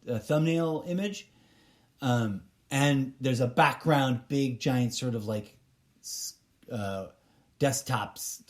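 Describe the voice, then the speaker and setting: A man's voice: medium pitch, a little mellow. Rambling opinionated man podcasting solo. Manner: rambling, opinionated, many fillers and restarts. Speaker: podcast host. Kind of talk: casual solo podcast monologue.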